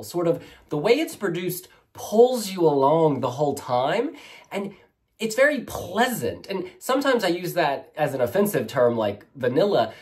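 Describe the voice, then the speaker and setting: A man hosting a music reaction, chatting casually and gushing, with sudden squeals that trail off into slower musing. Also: fairly high pitch. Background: faint music.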